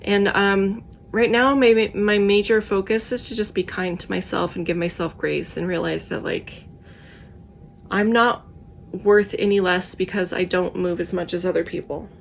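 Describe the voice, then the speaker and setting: A woman with a froggy, tired voice, talking softly and earnestly in a casual personal vlog. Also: mid-range voice, fairly even intonation, normal speed, gravelly, slight background noise. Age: adult with children. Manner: soft, earnest, self-reflective. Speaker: vlogger.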